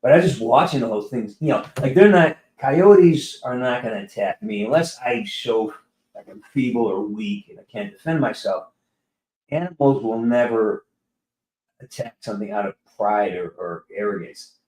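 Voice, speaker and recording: A man's voice: medium pitch, moderate pace. Rambling man in a roomy echo. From California. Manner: rambling, animated storytelling with many restarts. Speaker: live stream host. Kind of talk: casual live-stream chat.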